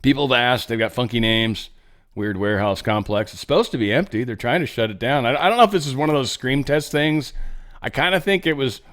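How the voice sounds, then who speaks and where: A man's voice: medium pitch, lively intonation, fairly quick, fairly bright tone. A man hosting a podcast, giving casual news commentary in a rambling, joking, self-interrupting way. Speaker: podcast host.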